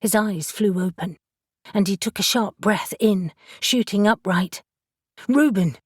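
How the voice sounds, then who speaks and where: A woman narrating an audiobook in a steady, deliberate reading voice. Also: medium pitch, husky, no room sound, studio quality. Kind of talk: scripted narration.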